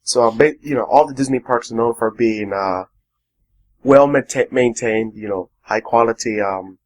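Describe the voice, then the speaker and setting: A man's voice: medium pitch, normal speed, rough recording. A man co-hosting a casual podcast, giving strong opinions in a rambling way full of ums and uhs. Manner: opinionated, rambling, many fillers. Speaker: podcast co-host. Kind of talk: casual chat.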